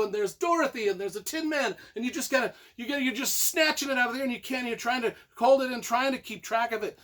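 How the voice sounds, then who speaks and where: A man giving an excited, casual book review, rambling and repeating himself, now and then breaking into loud emphatic bursts. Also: high-pitched.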